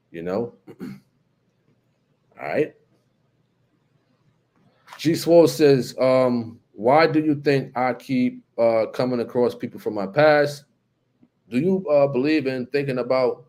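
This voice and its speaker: Here a New Jersey-accented man, voice low-ish and slightly mellow, casually hosts a live stream. Greeting viewers by name and reading their comments aloud, he keeps it laid-back and leans on many fillers.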